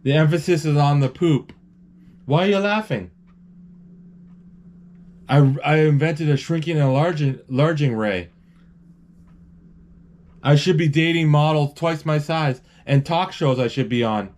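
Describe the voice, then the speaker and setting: A man's voice: a little high, normal speed, darkish tone. A man narrating a cartoon film live in a casual, rambling way, restarting words and reading out characters' lines. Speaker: movie describer.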